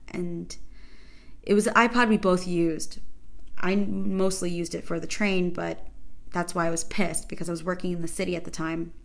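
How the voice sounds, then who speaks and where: A woman hosting a podcast, telling stories in a casual comedic way, animated and sarcastic, exaggerating for effect. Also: on the low side, vocal fry. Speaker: podcast host.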